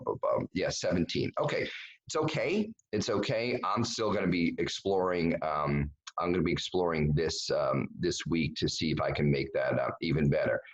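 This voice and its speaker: A man's voice: sits low, lo-fi sound. A man giving a webinar presentation over a video call, talking bluntly and casually with lots of fillers and restarts.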